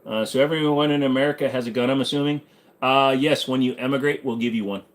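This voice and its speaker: Brief: male streamer host, casual joking Q&A, easygoing and irreverent, mid-pitched. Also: steady tone, fast, a little hiss or hum. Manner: joking, irreverent, answers chat while tinkering with gear. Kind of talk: casual livestream Q&A chat. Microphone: desk microphone.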